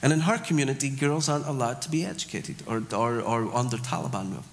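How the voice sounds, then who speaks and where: A man delivers a conversational sermon in a church with a long echo of the hall around him. His voice sits at an ordinary middle pitch. He acts out small everyday scenes and leads the congregation in repeating short phrases. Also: fast talker. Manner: conversational, with acted-out asides and crowd call-and-response. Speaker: pastor.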